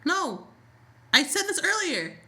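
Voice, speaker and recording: A woman co-hosting a casual soap opera podcast, animated, acting out quotes and saying "like" a lot. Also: very high-pitched, takes it slowly. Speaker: podcast co-host.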